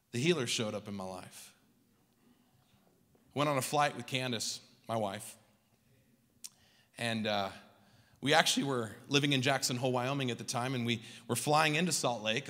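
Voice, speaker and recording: A young adult man from Southern California preaching a sermon as a pastor, telling a story with animated, emphatic peaks. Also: on the high side. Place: large church hall. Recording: long hall reverb.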